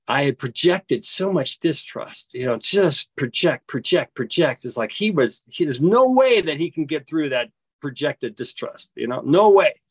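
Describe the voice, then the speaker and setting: Animated male storyteller acting out dialogue. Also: breathy edge, no room sound. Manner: animated, acts out quoted dialogue with big pitch jumps; halting, with frequent restarts. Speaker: interview guest. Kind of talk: personal storytelling.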